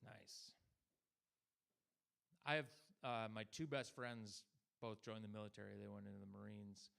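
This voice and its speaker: A young man performing a stand-up comedy set, talking deadpan to the crowd and slipping into mock voices for the people he quotes. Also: lowish voice, a little slow, creaky.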